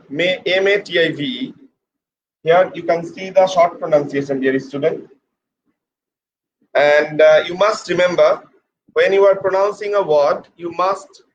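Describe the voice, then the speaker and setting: Man teaching pronunciation, spelling words out. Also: a little high. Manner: slow, repeats words and spells them out letter by letter. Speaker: English teacher. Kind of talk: pronunciation lesson. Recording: slightly dull with faint background noise.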